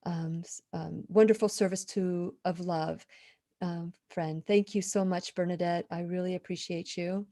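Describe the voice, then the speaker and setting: A woman's voice: on the low side, steady tone, measured pace, mellow. A woman in her fifties with a slight lisp, hosting a faith-based live talk show, telling earnest stories and reading viewer comments with frequent restarts. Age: 50s. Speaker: radio show host.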